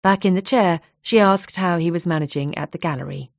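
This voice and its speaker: A woman reading a novel aloud in a measured, unhurried way at a close studio mic. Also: fairly low pitch, gravelly, no echo. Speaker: audiobook narrator.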